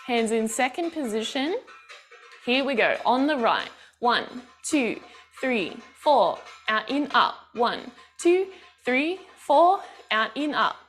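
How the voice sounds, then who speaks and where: A woman's voice: fairly high pitch, very animated, slow pace, fairly bright tone. Encouraging woman counting dance steps. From Australia. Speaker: bellydance teacher. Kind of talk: dance class instruction, counting beats. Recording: faint music behind. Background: class music.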